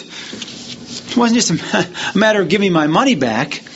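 A man's voice: big pitch swings, unhurried, pauses often, fairly bright tone, slightly rough. A man preaching a sermon, reading verses aloud with rising emphasis and breaking off into conversational asides. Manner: rises in pitch and volume when reading verses aloud. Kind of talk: sermon reading and explaining scripture. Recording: dull lo-fi sound with faint noise.

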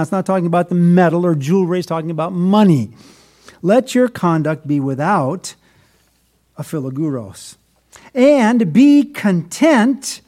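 High-voiced man preaching a folksy sermon. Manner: folksy preaching, animated emphasis, self-deprecating stories. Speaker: pastor.

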